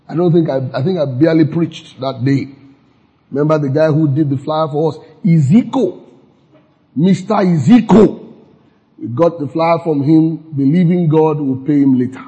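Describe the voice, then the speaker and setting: An older Nigerian pastor preaches slowly and deliberately, leaning hard on key phrases and repeating them for weight. His voice sits a little high for a man. It rings out in a church hall with a long, trailing reverb. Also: warm tone. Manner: emphatic, repeats key phrases, laughs at his own jokes. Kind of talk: sermon.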